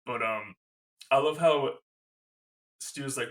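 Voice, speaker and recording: A man's voice: mid-range voice, a little fast. A man co-hosting a podcast, casually recapping a movie scene by scene and quoting its lines. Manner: animated recapping with quoted lines and swearing. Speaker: podcast co-host. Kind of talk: casual movie review chat.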